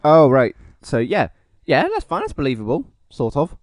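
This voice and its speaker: A man's voice: fairly high pitch, wildly swooping pitch, normal speed, no room sound, clean studio sound. A man co-hosting a casual podcast, easygoing and full of questions. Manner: easygoing, questioning, laughs easily. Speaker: podcast co-host.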